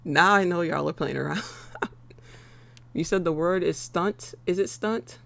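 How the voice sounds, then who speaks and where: American woman streamer, relaxed playful chat with viewers, a little gravel in the voice. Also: on the low side, unhurried. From United States. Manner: playful, chatty, often laughing, talks straight to the chat. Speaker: live-stream trading host. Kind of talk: casual live-stream chat.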